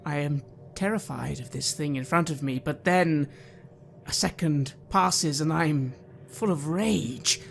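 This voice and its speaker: Man playing a gravelly, anguished scientist. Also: a little high, a little hiss or hum. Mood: enraged. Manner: halting, anguished, bursting into rage. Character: desperate widowed male scientist with a cane. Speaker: player. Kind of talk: in-character first-person roleplay.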